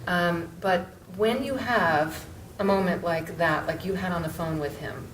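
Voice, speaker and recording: A middle-aged woman author telling a story on a panel, halting, with many restarts and fillers. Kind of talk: conversational storytelling. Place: book event room, indoors. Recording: echoey room, mic far off, faint rumble.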